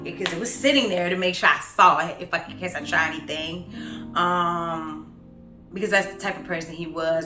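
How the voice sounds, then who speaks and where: A woman recounting her own story in an earnest, reflective way, halting often with pauses and fillers. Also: fairly low pitch, sharp tone, roomy sound. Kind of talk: personal storytelling.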